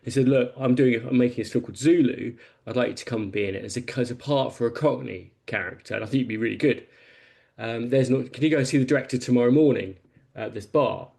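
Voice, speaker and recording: Man with a gravelly voice. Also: mid-range voice, quick pace, darkish tone. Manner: rambling, anecdotal storyteller. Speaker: podcast panelist. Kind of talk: casual podcast discussion.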